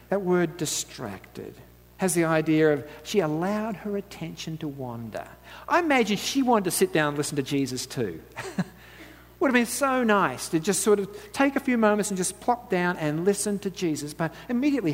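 A man giving a conversational sermon, chatty and warm-humored, often checking in with the audience and laughing at his own asides. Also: high-pitched, very animated, moderate pace, big-room sound. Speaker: preacher.

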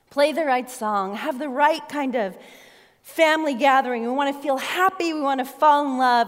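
Woman pastor, high voice, chatty storytelling sermon, long church reverb. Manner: chatty, storytelling, animated asides. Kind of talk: Christmas sermon.

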